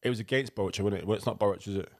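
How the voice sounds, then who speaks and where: A young goalkeeper coach talks quickly in a loose, rambling way on a podcast. His voice is on the low side, and he laughs readily between his points. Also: darkish tone. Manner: chatty, laughs easily, rambling. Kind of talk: casual banter.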